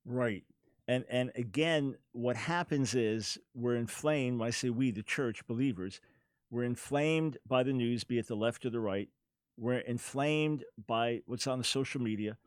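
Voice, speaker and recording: A man hosting a radio talk show, speaking earnestly and quick to jump in with his own points. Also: mid-range voice, no echo.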